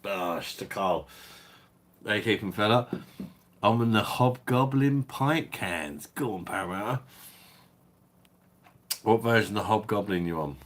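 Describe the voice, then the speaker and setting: Hosting a live stream where he reviews beer, a man rambles casually and swears while reading out the chat. His voice is on the low side, measured in pace, with frequent pauses.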